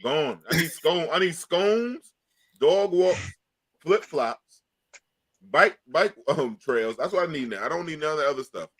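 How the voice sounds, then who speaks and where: A man's voice: fairly high pitch, animated, unhurried, a bit bright, breathy edge, no room sound. A man co-hosting, joking loosely in slangy casual banter. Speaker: podcast co-host.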